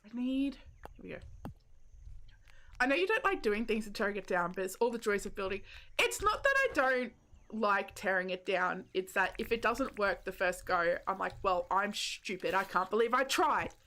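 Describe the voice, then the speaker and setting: A woman's voice: mid-range voice, big pitch swings, moderate pace, bright, forceful tone. A woman, casually chatting with viewers while live-streaming a game, joking about herself and laughing often. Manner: self-deprecating, giggly, chats with viewers.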